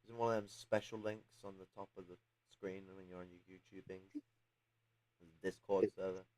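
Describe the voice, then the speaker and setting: A man's voice: sits low, flat delivery, normal speed, darkish tone, no room sound, rough recording. A man co-hosting a casual political chat, speaking in an offhand, conversational way. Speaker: podcast co-host.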